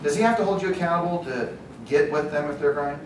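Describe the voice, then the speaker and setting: A middle-aged man leading a live real estate training, telling stories with lively acted-out quotes and frequent laughter. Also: fast. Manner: animated storyteller, acts out quotes, laughs often. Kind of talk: live training talk to agents. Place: training room. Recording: roomy, distant, faint rumble.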